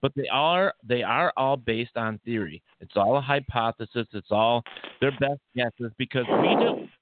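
A man's voice: medium pitch, moderate pace, no echo. A man hosting a talk radio show, teasing and emphatic in casual chat. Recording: tinny lo-fi line.

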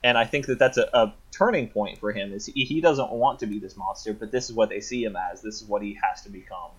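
A man's voice: on the low side, fast talker, slightly rough. A man co-hosting a casual chat, thoughtfully retelling a film plot at length.

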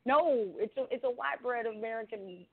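A woman's voice: fairly high pitch, moderate pace, slightly rough, dry recording. A woman co-hosting a wrestling podcast, chatting casually and swearing freely. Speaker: co-host. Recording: phone-like lo-fi call audio.

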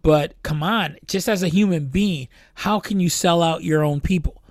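A man co-hosting a podcast, talking in an animated, incredulous way in casual group chat. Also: fairly high pitch, normal speed, dry recording, studio quality. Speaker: podcast co-host.

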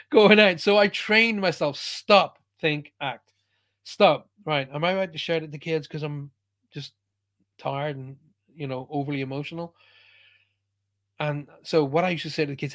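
Man, middle-aged, slightly high voice, emphatic spiritual talk. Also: normal speed, a bit bright. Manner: emphatic, checks in with "okay?". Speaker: spiritual speaker. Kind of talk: motivational talk to viewers.

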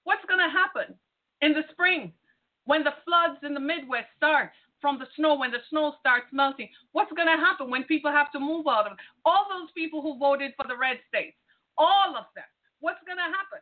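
A woman's voice: sits high, lively intonation, normal speed. A woman podcast host giving an impassioned, preaching monologue, firing rhetorical questions at the listener. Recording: tinny phone-like sound.

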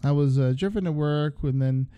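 A man's voice: on the high side, moderate pace, dark tone, smooth, no echo, lo-fi sound, voice pushed up, close to an everyday voice. A man voicing a hot-tempered, grieving young woman who snaps and threatens. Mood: pleading. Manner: snapping, threatening.

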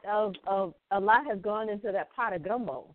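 A woman guest, a singer, talking about her life in a reflective, unhurried way, often saying "you know". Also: mid-range voice. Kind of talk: casual interview chat. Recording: tinny phone-like line.

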